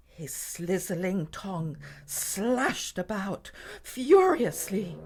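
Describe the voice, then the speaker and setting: Slow, gentle woman storyteller reading to children. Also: medium pitch, expressive. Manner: gentle, drops to a hushed whisper. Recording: faint music behind.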